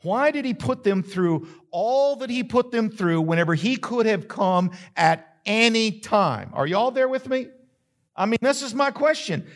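A man's voice: high-pitched, expressive, a little slow. A male pastor, preaching a sermon that retells a story dramatically and builds to emphatic questions.

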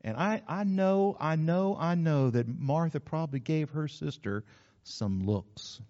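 Speaking a little slowly in a voice on the high side, a man preaches an animated, folksy sermon and asks the congregation questions. The setting is a church hall with dull sound.

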